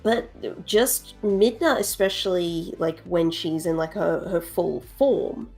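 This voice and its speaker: A woman's voice: lowish voice, slow pace, creaky, darkish tone, soft background music. A woman chatting casually as a stream guest, thoughtful and drawing out her phrases. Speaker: co-host guest.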